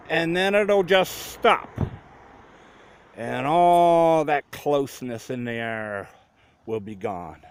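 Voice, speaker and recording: A woman's voice: on the low side, clean tone, voice pushed up. A man voicing a small, sweet-talking Southern woman from Georgia who speaks in an affectionate drawl.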